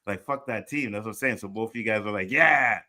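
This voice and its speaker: A man's voice: on the low side, fast talker, pushed and bright. A man hosting an online panel show, chatting loosely, laughing and cursing, and greeting viewers. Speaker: show host. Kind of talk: casual panel chat.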